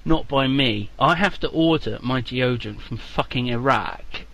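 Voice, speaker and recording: Podcast co-host, man from England, deadpan, mock-serious, swears freely. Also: medium pitch, unhurried, gravelly, muffled recording. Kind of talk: casual comedy chat.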